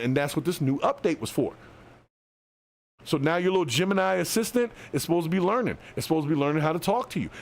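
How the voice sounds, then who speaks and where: A man hosting a live podcast, talking loosely and directly to his listeners in slangy casual speech. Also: fairly high pitch. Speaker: podcast host.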